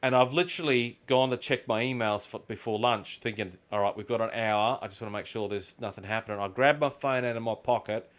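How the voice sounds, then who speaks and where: A man's voice: on the low side, fairly quick, hardly any pauses. Rambling, swearing Australian man. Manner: rambling, swears freely, tells animated anecdotes. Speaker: gaming video host. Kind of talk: casual chat while gaming.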